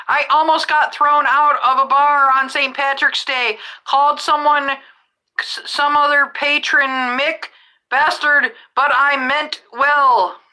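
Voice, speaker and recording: Middle-aged woman, podcast host, high and bright, slow, rambling casual chat. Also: flat delivery, poor audio. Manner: rambling, restarts mid-sentence, chatty. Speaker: rideshare driver and podcast host.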